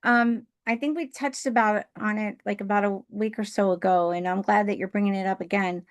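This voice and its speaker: A woman's voice: mid-range voice, fairly even intonation, fairly quick. A woman on a video call earnestly sharing her reflections with her team, thinking aloud with frequent ums and "right?". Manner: earnest, thoughtful, uses many fillers and "right?". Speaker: team member on a training call.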